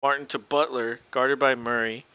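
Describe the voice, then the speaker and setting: Man, casual live play-by-play, bright voice, offhand and profane, dry dull lo-fi mic. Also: medium pitch, normal speed, clean tone, no echo. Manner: relaxed, offhand, swears casually. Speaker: podcast co-host.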